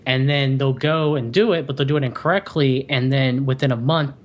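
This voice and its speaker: A man's voice: mid-range voice, steady tone, a little fast. A man on a podcast as a guest, explaining things in long, winding runs of casual chat.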